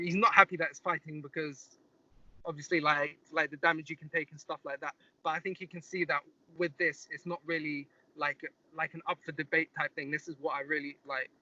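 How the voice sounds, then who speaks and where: A young man from the UK in his twenties, speaking as an interview guest in a relaxed way with lots of "like"s. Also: fairly high pitch, lo-fi sound. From United Kingdom. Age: 20s. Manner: relaxed, rambling with many "like"s. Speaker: guest fighter. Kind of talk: casual interview chat.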